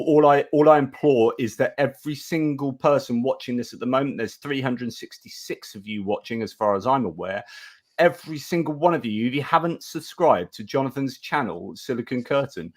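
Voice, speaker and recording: A man's voice: mid-range voice, normal speed. A British man hosting a casual live chat, talking in a rambling, chatty way and thanking his viewers. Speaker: host of a live chat stream.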